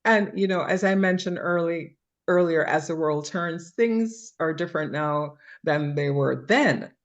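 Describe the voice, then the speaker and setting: Jamaican-accented woman co-host, low pitch, animated storyteller. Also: measured pace, lo-fi sound. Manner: lively storytelling with laughs. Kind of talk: casual conversation.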